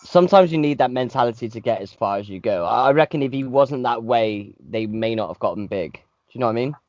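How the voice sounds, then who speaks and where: A man's voice: medium pitch, expressive, fast talker, darkish tone, no echo. Young guy cohosting, lots of yeah yeah, dry mic. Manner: agreeable, chimes in often. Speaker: podcast co-host. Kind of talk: casual chat.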